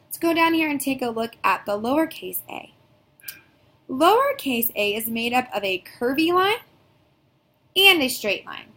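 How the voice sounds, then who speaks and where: A woman teaching a recorded kindergarten phonics lesson, speaking slowly in a sing-song teacher voice with drawn-out sounds and call-and-response prompts. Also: high-pitched, sing-song, a bit bright.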